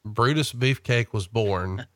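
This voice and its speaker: A man's voice: medium pitch, slow, no echo, clean studio sound. A man hosting a podcast, telling stories in a casual, chatty way and prompting his guest. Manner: chatty storyteller who reads out quotes. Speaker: host.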